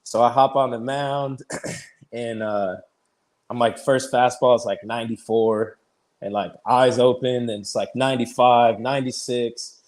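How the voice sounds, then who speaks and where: Guy in his 30s chatting on an interview, storytelling, lots of likes and little laughs, normal pitch. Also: steady tone, a little slow, a little mellow. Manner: chatty, fills speech with "like", retells conversations; laughs easily while telling stories. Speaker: guest, baseball pitcher.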